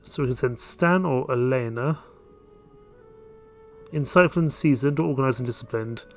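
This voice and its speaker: A man chats through his playthrough of a strategy game, relaxed and a little self-mocking. His voice sits at an ordinary middle pitch, and quiet game music plays behind him. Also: moderate pace, gravelly. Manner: casual, self-mocking and chatty. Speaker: gamer. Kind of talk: casual let's play commentary.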